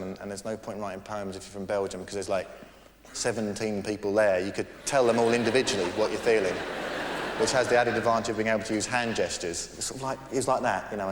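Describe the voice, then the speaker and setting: A man doing live stand-up on a theatre stage, rambling and self-deprecating with halting restarts. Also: medium pitch, a little hiss or hum. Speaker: stand-up comedian. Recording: echoey theatre with crowd. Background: audience laughter.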